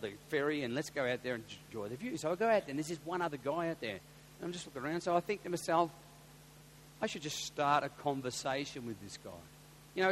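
An Australian man preaching as a pastor, telling personal stories and swinging from hushed asides to loud, excited exclamations. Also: medium pitch, slight background noise. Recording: long reverb of a large hall.

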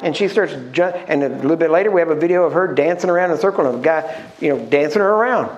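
A man's voice: fairly high pitch, fast talker, muffled recording. A middle-aged man, a pastor, preaching a sermon in a conversational storytelling way, often asking his listeners questions.

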